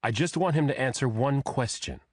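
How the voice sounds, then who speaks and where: A man's voice: mid-range voice, moderate pace, no room sound, studio quality, voice pushed up, lightly acted. A man voicing a firm, commanding female chief of detectives in an audiobook thriller.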